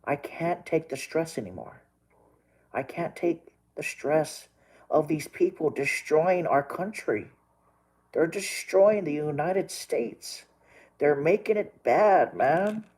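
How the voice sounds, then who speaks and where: Husky tearful man ranting. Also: a little high, expressive, slow, a little mellow, rough recording. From Texas. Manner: rambling, repeats himself, tearful and agitated. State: crying. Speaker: storm chaser vlogger. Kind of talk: emotional vlog rant.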